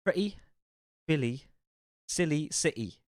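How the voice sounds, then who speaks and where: A woman's voice: sits low, expressive, unhurried, darkish tone, no echo, clean studio sound. A woman streamer chatting casually and playfully repeating words in mock accents. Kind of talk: casual livestream chat, imitating accents.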